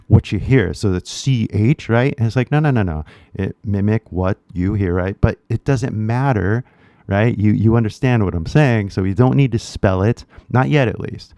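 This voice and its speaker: A man's voice: on the low side, dark tone, dry recording, studio quality. A man with a Californian accent teaching English in a casual, slangy way, full of "like" and "right?". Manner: laid-back slangy talk with lots of "like" and "right?". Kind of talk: casual direct-to-camera lesson.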